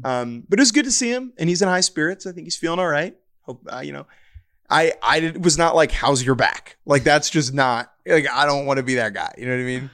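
A man's voice: fairly high pitch, fast, a bit bright. A man co-hosting a sports podcast, talking casually and animatedly, often slipping into mock quotes. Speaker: podcast co-host.

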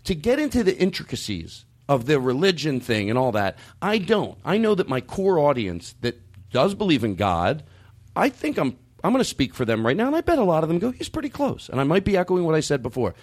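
A man hosting a podcast, talking in a halting, rambling way with many restarts and fillers, with a hint of sarcasm. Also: a little high, very animated, darkish tone. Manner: openly sarcastic at times. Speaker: podcast host. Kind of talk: casual discussion.

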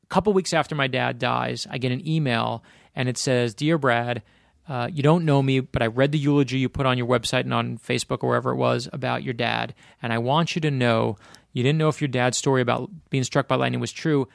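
A man from Florida, a guest author, telling personal stories in a casual conversation, animated and rushing ahead in bursts. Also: mid-range voice, creaky, dry recording, clean studio sound. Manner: animated anecdotes, speeds up in bursts.

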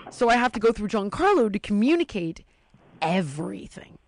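A woman's voice: mid-range voice, big pitch swings, normal speed, vocal fry. A woman in casual chat, telling a long story and acting out the voices of the people in it.

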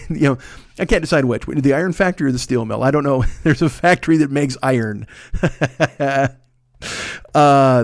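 A man's voice: fairly high pitch, dry recording, clean studio sound. A man in his fifties getting over a cold, riffing in a profane, rambling comic monologue as the host of his own show. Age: 50s. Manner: rambling, crude and animated, jumps into mocking voices. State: recovering from a cold, phlegmy. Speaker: podcast host.

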